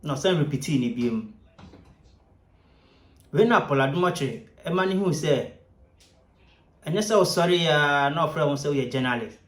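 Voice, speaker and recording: A man giving lively, scornful commentary. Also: on the high side, a little slow, long pauses, echoey room.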